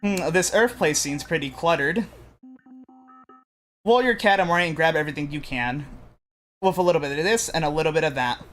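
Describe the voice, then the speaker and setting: A jittery robot, ashamed of what it has done and eager to hide, its lines read aloud by a gamer during a let's play. The voice sits at a middling pitch. Faint music plays underneath. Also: a little fast, long pauses, a bit bright, natural voice. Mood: anxious. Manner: reading game dialogue aloud. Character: anxious guilt-ridden robot that wants to hide. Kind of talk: reading game text during a let's play.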